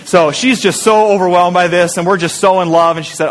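A man's voice: high voice, steady tone, brisk, hardly any pauses, a bit bright. A man preaching a conversational sermon to a church group in small pods, often asking the room questions. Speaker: pastor.

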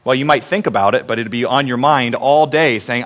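A man's voice: mid-range voice, fairly quick, a bit bright. A middle-aged man, a pastor, preaching a conversational sermon in a church, joking at his own expense and putting questions to the congregation. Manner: conversational, self-deprecating, asks the congregation questions. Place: church sanctuary.

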